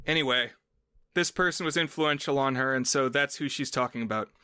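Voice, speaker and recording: A man's voice: mid-range voice, brisk, bright, forceful tone, clean tone, dry recording, studio quality. A man co-hosting a film podcast, chatting casually and explaining at length with playful asides. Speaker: podcast co-host.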